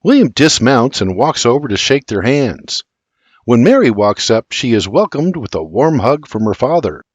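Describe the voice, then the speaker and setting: Older man, lively audiobook narration. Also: medium pitch, moderate pace, slightly rough, dry recording, dull audio. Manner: storytelling, expressive.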